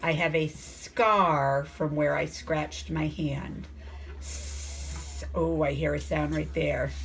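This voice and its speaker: Slow-talking teacher woman sounding out words. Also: low voice, fairly even intonation, vocal fry. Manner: coaxing, asks the class questions. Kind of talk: phonics lesson for young children.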